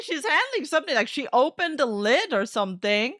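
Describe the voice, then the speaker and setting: Young woman, vtuber streamer, excitable reaction commentary, frequent laughter, high-ish voice, very animated pitch. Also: brisk, hardly any pauses, no echo, studio quality. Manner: excitable, laughs often, swears freely.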